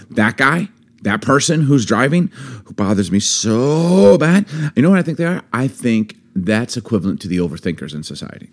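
A man co-hosting a podcast in casual chat, an animated storyteller who acts out his own reactions, on a studio mic. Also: on the low side, normal speed. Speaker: podcast co-host.

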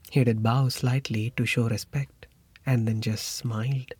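A man narrating a short story in a measured, reflective way. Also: medium pitch, steady tone, a little mellow, breathy edge, no room sound. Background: faint music.

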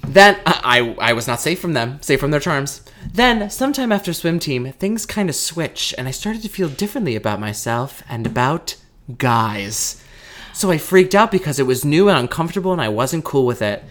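A young man in casual chat, reading old messages aloud with sardonic, animated commentary. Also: medium pitch, normal speed. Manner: sardonic, animated, swears freely.

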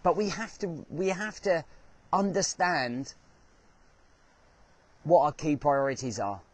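A man hosting a motivational talk, his voice sitting a little high for a man. He speaks earnestly and drives his points home by repeating key phrases. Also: slow pace, no room sound. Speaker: host.

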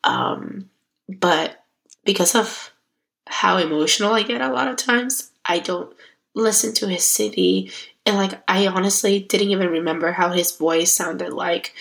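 A woman's voice: lowish voice, steady tone, slow pace, vocal fry, a bit bright, rough recording. A young woman hosting a solo self-growth podcast, talking in a chatty, heartfelt way that turns emotional. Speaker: podcast host. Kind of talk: casual solo podcast talk.

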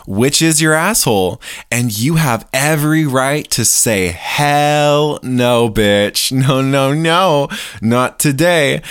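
Man, podcast host, flamboyant, cheeky, foul-mouthed, mid-pitched voice, dry close sound. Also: a bit bright, dry recording. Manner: flamboyant, profane and joking. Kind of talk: casual solo podcast monologue.

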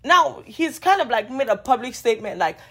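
A woman's voice: on the high side, animated, a little fast, a bit bright. A woman in her twenties talking casually to the camera, emphatic and frank, repeating lines for effect and swearing freely. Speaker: vlogger.

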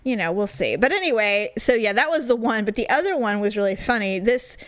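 A woman co-hosting a podcast, telling a story in casual chat, animated and swearing, putting on mocking voices. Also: medium pitch, a little fast, dry recording. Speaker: podcast co-host.

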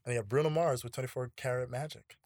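A man's voice: medium pitch, steady tone, fast, a little mellow, no room sound. Laid-back slangy man, dry mic. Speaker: podcast host. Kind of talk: casual podcast chat.

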